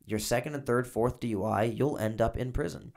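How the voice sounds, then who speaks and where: A man's voice: medium pitch, fairly quick, gravelly, a little mellow. A man co-hosting a podcast, telling loose, filler-heavy stories in casual chat. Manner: rambling, filler-heavy storytelling. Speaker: podcast co-host, former inmate.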